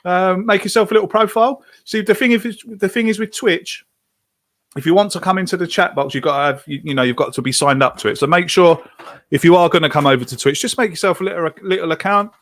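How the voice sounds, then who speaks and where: A man's voice: high-pitched, fast talker, fairly bright tone. A man hosting a live watch-along of a football match, reacting with frustration and reading out viewer comments. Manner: exasperated, reads viewer comments aloud. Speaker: podcast host streaming a match watch-along.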